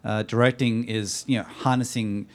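A man's voice: fairly low pitch, fairly even intonation, normal speed. A man, a film director at a live panel, answering audience questions in a thoughtful, rambling way with many "you know"s.

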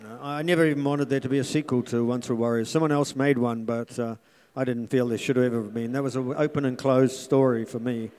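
A man's voice: medium pitch, fairly even intonation, fairly quick, darkish tone. A man from New Zealand, a filmmaker answering panel questions in a chatty, joking way with frequent restarts.

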